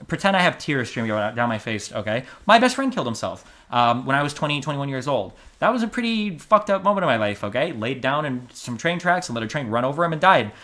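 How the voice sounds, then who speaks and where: Guy streamer ranting into the mic, blunt and emphatic, middle pitch, mutters asides then hits words hard. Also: sing-song, fast, few pauses. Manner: blunt, emphatic, switches between loud stress and muttered asides. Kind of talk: livestream commentary reading a court transcript.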